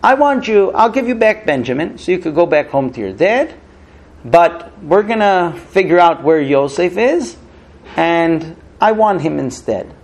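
A man's voice: high-pitched, big pitch swings, measured pace, full character voice. A man voicing Yosef, a powerful ruler bargaining with his brothers, in a casual conversational way with fillers.

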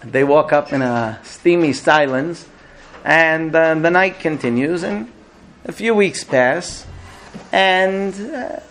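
Conversational male lecturer, slightly high voice. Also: a bit bright, a little hiss or hum. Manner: conversational, hesitant, many filler pauses. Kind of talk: storytelling lecture.

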